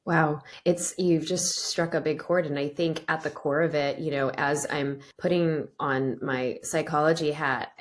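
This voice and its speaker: A woman's voice: low voice, steady tone, measured pace, few pauses. A woman hosting a podcast, talking in a casual, enthusiastic way and praising her guest. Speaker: podcast host. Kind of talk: casual interview chat.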